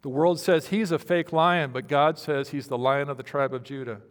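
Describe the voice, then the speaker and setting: A man preaching a sermon as a pastor, with a dramatic delivery that swings from loud pleading to hushed near-whispers. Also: a little high, steady tone, normal speed. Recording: reverberant hall.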